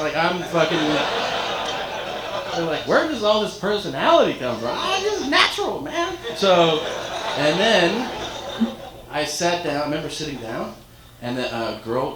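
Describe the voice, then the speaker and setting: A man doing stand-up, telling a story with casual swearing and deadpan delivery that jumps into loud mock voices. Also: mid-range voice, background noise. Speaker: stand-up comedian. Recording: echoey venue with crowd laughter.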